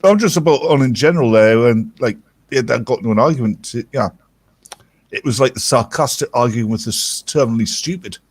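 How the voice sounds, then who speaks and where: A man from England in casual podcast banter, mocking and quick with his retorts. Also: medium pitch, slightly rough, no room sound.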